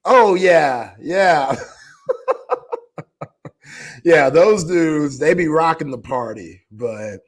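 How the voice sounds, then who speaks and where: A man's voice: a little high, expressive, drawn-out words, pauses often. Laid-back sports talk host, man. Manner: laid-back, laughs easily.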